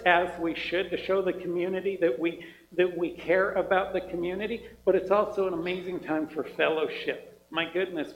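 High-voiced pastor in an echoey hall. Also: male voice, a bit bright, slight background noise. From Montana. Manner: friendly, joking, informal with fillers. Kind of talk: church announcements and prayer. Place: church sanctuary. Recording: echoey hall, dull sound.

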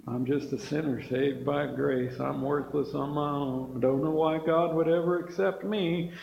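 A man voicing a gloomy, defeated male churchgoer who drones slowly and pities himself. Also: fairly high pitch, fairly even intonation, creaky, voice pushed down. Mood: mopey. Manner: slow, droning, self-pitying. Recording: echoey hall, dull sound.

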